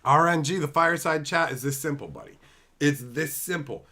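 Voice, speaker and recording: Bright-voiced, sarcastic male streamer. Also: a little high, lively intonation, normal speed. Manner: blunt, sarcastic, profane ranting; greets viewers in chat. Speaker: livestream host. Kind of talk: profane live-stream commentary.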